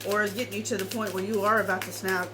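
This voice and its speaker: A woman gives a casual tarot reading, addressing the viewer directly in a blunt, swearing manner. She speaks fast in a level, medium-pitched voice, with background noise audible.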